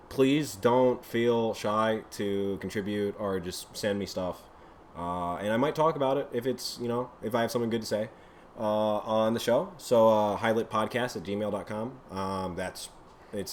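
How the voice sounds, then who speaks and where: A man's voice: fairly low pitch, slight background noise. Rambling, swearing man signing off a podcast. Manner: loose, rambling, swears casually. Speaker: podcast host. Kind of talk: casual show sign-off.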